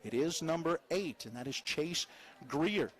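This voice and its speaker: A play-by-play announcer with a West Virginian accent calls a high school football game live, fitting sponsor reads in between plays. He talks fast, drops in chatty asides, and his pitch climbs as excitement builds on big plays.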